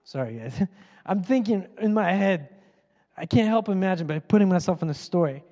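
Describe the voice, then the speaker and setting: A man preaching a sermon as a pastor, animated and acting out voices from the story. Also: sits high, moderate pace, muffled recording. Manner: animated, acts out quoted voices. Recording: long hall reverb.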